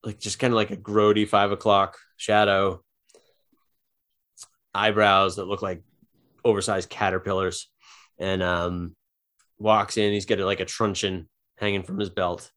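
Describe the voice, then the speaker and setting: A man's voice: fairly low pitch, level tone, a little slow, pauses often, fairly bright tone. A man narrating an improvised tabletop game as game master, in a loose, casual way with many fillers.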